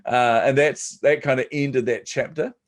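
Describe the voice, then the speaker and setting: A middle-aged man, a podcast guest telling his business story in a relaxed, joking way. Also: mid-range voice, normal speed. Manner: relaxed, joking, many ums. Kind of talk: casual storytelling interview.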